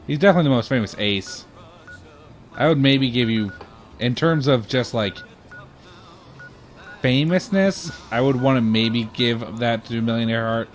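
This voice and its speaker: A young man co-hosting a let's play, laid-back but quick to argue a point. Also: mid-range voice, lively intonation, faint music behind. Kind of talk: casual gameplay banter.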